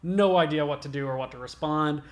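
Young guy rambling through a story, tons of "like" and cussing, voice on the higher side. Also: brisk. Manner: profane, rambling, many "like" fillers. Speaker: guest, body piercer. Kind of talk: casual storytelling interview.

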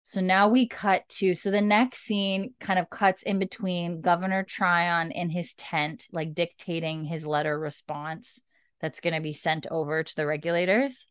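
A woman's voice: lowish voice, fairly even intonation, normal speed, clear, resonant tone, dry recording, studio quality. A woman hosting a podcast, recapping a TV episode in a chatty way full of "like" and "um". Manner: chatty, many fillers like "like" and "um". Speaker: podcast host.

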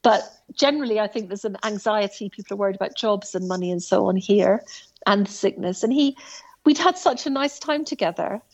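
A woman telling a story about her hike in a casual, animated way, full of asides and restarts. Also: mid-range voice, fairly quick, lo-fi sound. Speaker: guest recounting a hike.

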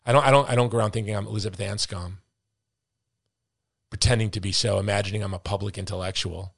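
A man's voice: lowish voice, steady tone, fast talker, gravelly, no room sound, clean studio sound. A middle-aged man hosting a podcast, ranting with emphatic, repeated words as he comments with passion. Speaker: podcast host.

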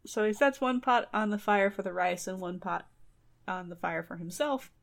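A woman's voice: mid-range voice, normal speed, gravelly. A woman casually retelling a folktale on a podcast, chatty and laughing, briefly acting out the characters' lines.

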